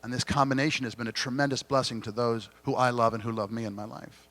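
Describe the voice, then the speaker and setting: A middle-aged man giving an inspirational keynote talk at a conference, earnest and gently confessional, with dramatic pauses. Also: medium pitch, fairly even intonation. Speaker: keynote speaker. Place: conference hall stage.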